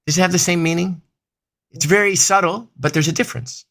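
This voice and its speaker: A man's voice: a little high, lively intonation, quick pace, gravelly, a bit bright. A man teaching body language and voice control in an explanatory talk, demonstrating examples and checking in with frequent asides.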